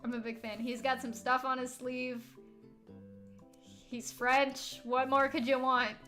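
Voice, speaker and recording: A chatty woman with a high voice gives casual game-stream commentary. She giggles often and drops into soft asides, with faint music playing behind her. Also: flat delivery, unhurried. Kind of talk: casual let's-play commentary.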